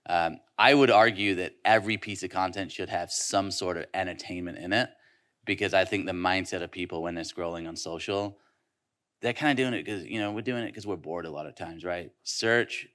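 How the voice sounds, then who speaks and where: A man's voice: deep voice, a bit bright. A man speaking casually on a conference panel, conversational, with frequent fillers and restarts. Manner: conversational, quick hooks, many fillers and restarts. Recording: live conference session.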